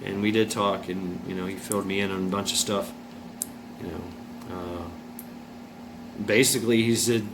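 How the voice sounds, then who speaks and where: A man's voice: low-pitched, fairly even intonation, moderate pace, pauses often. Rambling man telling a story over AC hum. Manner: rambling, repeats himself, many uh's and restarts; blunt, swears freely. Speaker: vlogger. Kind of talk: casual personal storytelling. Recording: noisy room with air conditioner hum. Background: air conditioning hum.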